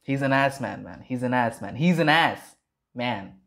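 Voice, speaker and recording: A man's voice: mid-range voice, animated, moderate pace, gravelly, a bit bright. A man casually reacting to video clips, exclaiming and repeating his phrases in disbelief.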